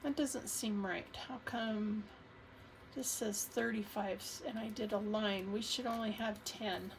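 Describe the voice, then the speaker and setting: A woman's voice: mid-range voice, fairly even intonation, measured pace, a little hiss or hum. A woman hosting a budgeting vlog, chatting casually and cheerfully as she counts cash and fills savings challenges at home. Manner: chatty, cheerful, counting money aloud with fillers. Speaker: budgeting channel host.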